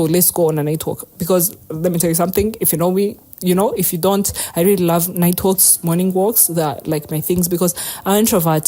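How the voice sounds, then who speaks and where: Chatty young woman, low mellow voice. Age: young adult. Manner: chatty, rambling, laughs often, swears casually. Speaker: podcast host. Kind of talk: casual storytelling monologue.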